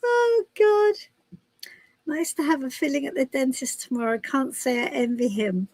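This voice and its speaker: A woman's voice: high voice, brisk, husky, no echo. A British woman hosting a live tarot stream, chatting casually in a rambling, giggly way. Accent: British English. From Britain.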